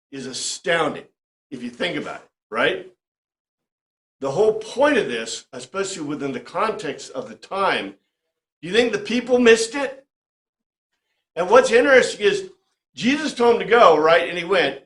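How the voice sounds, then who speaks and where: A man teaching an informal Bible study class, talking in a conversational, animated way and often checking in with "right?". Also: high voice, roomy sound.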